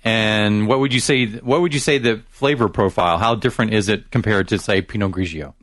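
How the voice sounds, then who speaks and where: A man's voice: lowish voice, fairly quick, a bit bright, dry recording, studio quality. A man hosting a casual wine radio show, upbeat and joking as he leads the tasting.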